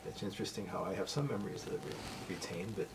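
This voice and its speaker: An older man recalls a memory slowly, pausing often and circling back over his words. His voice sits a little low, and he is picked up from a distance with faint noise in the room. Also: vocal fry. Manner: hesitant, many fillers and restarts. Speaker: group discussion participant. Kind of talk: casual personal storytelling.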